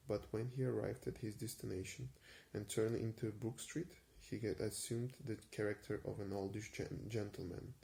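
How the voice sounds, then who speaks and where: A man giving an unhurried ASMR reading of a vintage story, with frequent small hesitations. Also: fairly low pitch, creaky, mellow. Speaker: reader.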